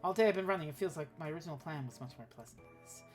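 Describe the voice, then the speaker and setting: A low-voiced woman rattles through a text adventure at a very fast clip, reading the story aloud for her stream. She drops in offhand asides and the odd swear word along the way. Soft music plays faintly underneath. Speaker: streamer playing a text game.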